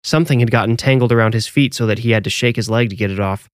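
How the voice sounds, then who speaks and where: A man narrating a scripted horror story in a measured, even storytelling way. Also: mid-range voice, no room sound, clean studio sound.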